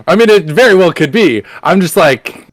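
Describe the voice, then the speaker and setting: A man playing in a tabletop game stream, casual and hesitant, laughing a lot. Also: high voice. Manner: hesitant, laughing, lots of fillers. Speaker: player. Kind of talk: casual chat.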